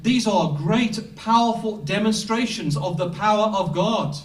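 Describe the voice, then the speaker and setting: Man, preacher, slow emphatic sermon, dramatic pauses, echoey, off-mic. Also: high-pitched, far from the mic. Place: Bible school hall. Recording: echoey room, speaker off-mic.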